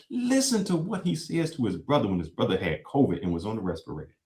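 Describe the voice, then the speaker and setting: A man's voice: on the low side, huge pitch swings, fast talker, a little mellow. A man hosting a show, giving emphatic reaction commentary on clips and repeating phrases for effect. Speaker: show host. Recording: echoey room.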